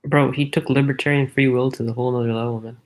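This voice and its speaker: A man hosting a live call-in discussion show, chatting casually and retelling arguments in an animated way. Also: mid-range voice, fast. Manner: animated, mimics others with sudden shifts in loudness. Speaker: host.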